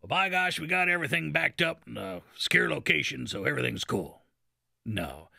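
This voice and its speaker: A man hosting a radio show, giving folksy, sarcastic commentary. His voice sits high and sounds bright and forceful. His pitch swoops widely, and the sound is dry and close. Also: very animated, moderate pace, gravelly, breathy edge, no room sound. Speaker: radio talk show host.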